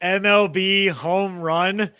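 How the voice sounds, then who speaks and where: Excited high guy cohosting, dry crisp close sound. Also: slow pace, dry recording. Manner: excited, gushing. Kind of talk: casual podcast chat.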